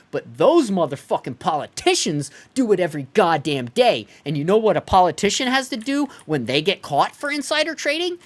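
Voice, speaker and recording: A man ranting heatedly and profanely during a game live stream, sometimes mocking others in put-on voices. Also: high-pitched. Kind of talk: live-stream rant while gaming.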